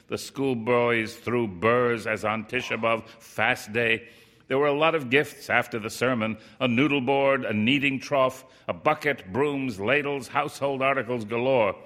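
A man's voice: mid-range voice, bright, forceful tone. A man reading a first-person story aloud in a plain, wry, rueful storytelling manner.

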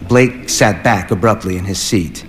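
A man narrating a short story as an audiobook, in a measured, even reading. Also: sits low, slight background noise.

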